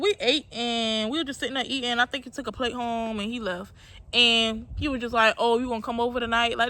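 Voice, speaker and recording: A woman's voice: fairly high pitch, sharp tone, no echo. A young woman telling a personal story to her viewers in a casual, slangy, candid way, calling them y'all. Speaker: storytime vlogger.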